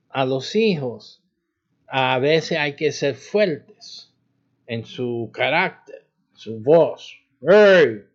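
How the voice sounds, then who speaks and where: A man pastor giving an informal sermon teaching, with a demonstrative manner, acting out stern warnings and chuckling. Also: on the high side. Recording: dull lo-fi livestream audio.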